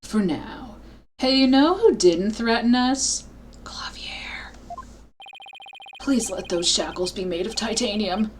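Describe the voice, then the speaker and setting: A young woman streaming a game, reacting with playful quick asides, on a webcam mic. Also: a little high, lively intonation, slight background noise. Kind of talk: casual let's-play commentary.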